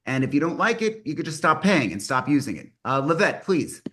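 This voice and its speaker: A man's voice: fairly high pitch, big pitch swings, brisk, sharp tone. A man in his fifties hosting a mastermind group on a video call, rambling and correcting himself as he talks. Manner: rambling, self-correcting, enthusiastic. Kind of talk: casual online meeting talk.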